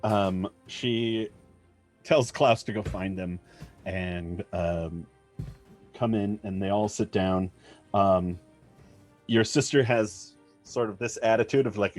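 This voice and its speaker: A man narrating as game master for a tabletop game, halting often with ums and uhs. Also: on the low side. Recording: faint music behind.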